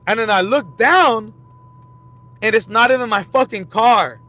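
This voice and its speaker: Bright-voiced man rambling from his car. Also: a little slow. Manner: rambling storytelling, loose and profane, frequent restarts. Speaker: fight commentary channel host. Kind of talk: casual talk while driving. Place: in a car while driving. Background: vehicle rumble.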